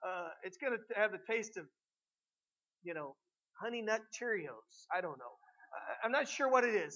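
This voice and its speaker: A man preaching a sermon, swinging between loud emphasis and hushed asides, with many filler words. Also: high-pitched, lo-fi sound. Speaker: pastor.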